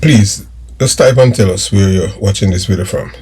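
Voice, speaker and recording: Jamaican male crime-vlog host, husky, low-pitched, emphatic and repetitive. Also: normal speed, a little mellow. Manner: emphatic, repeats phrases for stress. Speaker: crime news channel host. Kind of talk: commentary vlog.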